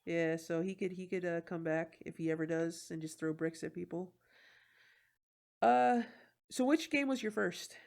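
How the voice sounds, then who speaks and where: A woman's voice: on the low side, normal speed, vocal fry, darkish tone. Woman podcast host, easygoing, laughs a lot, salty language. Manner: laughs often, swears casually. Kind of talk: casual chat.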